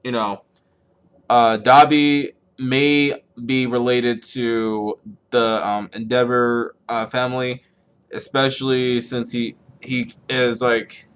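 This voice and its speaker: A young man talks on his own podcast in a loose, rambling way, cursing freely. His voice sits at a middle pitch and leaps sharply upward whenever he gets fired up. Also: slow, clear, resonant tone. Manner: rambling, profane, excitable, pitch jumps when worked up. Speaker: podcast host. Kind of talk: casual solo chat about anime.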